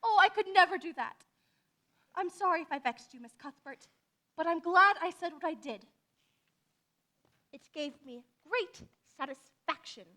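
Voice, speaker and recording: Passionate orphan girl, very high and bright-voiced, dramatic, played by a woman on stage. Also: lively intonation, normal speed, pauses often, heavily acted. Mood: defiant. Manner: impassioned, dramatic. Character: fiery, talkative red-haired orphan girl. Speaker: stage actor in a youth musical. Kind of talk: live stage musical acting.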